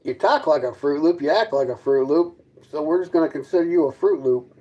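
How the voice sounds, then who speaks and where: A man's voice: fairly high pitch, a little fast, dark tone, highs cut off. Guy ranting at his chat on a livestream from his trailer, sarcastic and mocking, picks fights. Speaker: livestream host chatting with viewers. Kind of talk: casual livestream rant. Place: inside his fifth-wheel trailer.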